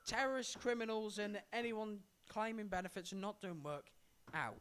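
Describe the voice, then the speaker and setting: A man with a high-pitched voice co-hosts a casual chat podcast. He lectures in long, run-on explanations, and a faint hiss sits under the recording. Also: animated, normal speed, fairly bright tone. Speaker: podcast co-host.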